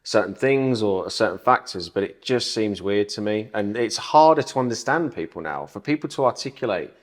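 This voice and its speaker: A man's voice: fairly low pitch, expressive, normal speed. A man with a southern English accent, co-hosting a casual podcast chat and talking in a thoughtful way with many filler words and restarts. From southern England. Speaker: podcast co-host.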